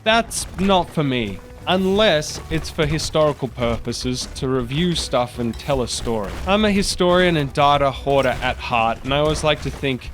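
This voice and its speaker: A man's voice: fairly high pitch, expressive, moderate pace, hardly any pauses, faint music behind. A man who is sick and sounds nasal, chatting casually over gameplay as a channel host. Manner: chatty, rambling.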